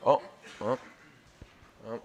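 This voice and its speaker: A man's voice: very slow, darkish tone, a little hiss or hum. A man in his forties hosts a live cooking demo, joking and teasing the audience between tips. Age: 40s. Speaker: celebrity chef host. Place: pizza academy kitchen before a live audience.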